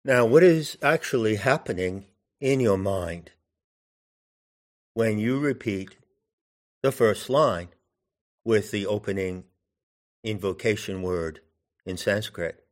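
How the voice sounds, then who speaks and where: An older man giving a measured, deliberate lecture on poetry, lingering on key words as he explains them. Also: lowish voice. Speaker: teacher.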